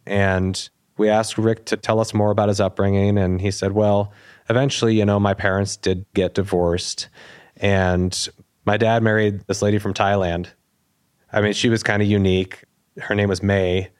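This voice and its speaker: Low-voiced man telling a story. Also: normal speed, smooth. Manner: animated, acts out quoted dialogue. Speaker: police officer guest. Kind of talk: storytelling anecdote.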